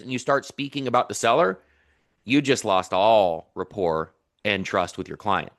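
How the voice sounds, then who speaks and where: Man, coaching co-host, animated, acts out conversations, mid voice. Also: mid-range voice, normal speed, creaky. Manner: animated, acts out clients' lines, gets fired up. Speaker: real estate coach, co-host. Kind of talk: coaching a live training session.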